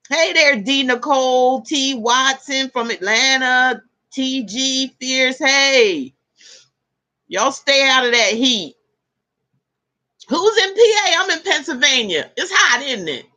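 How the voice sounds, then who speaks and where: A woman hosting a casual tarot live stream, chatting with viewers, reading their comments aloud and laughing easily. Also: high voice. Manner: laughs easily, animated exclamations.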